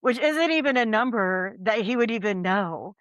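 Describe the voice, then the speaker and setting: A woman's voice: a little high, expressive, moderate pace, fairly bright tone, dry recording, highs cut off. A woman who investigates the paranormal, a podcast guest telling a story in a rambling, casual way with many ums and likes.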